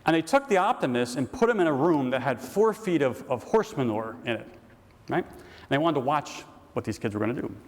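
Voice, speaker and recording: A middle-aged man serving as an Orthodox priest talks to a conference crowd in a relaxed, storytelling manner. He sits at a mid pitch and fills pauses with ums and uhs. A long hall reverb trails behind his voice. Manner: folksy storyteller, many fillers. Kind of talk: conference talk and Q&A.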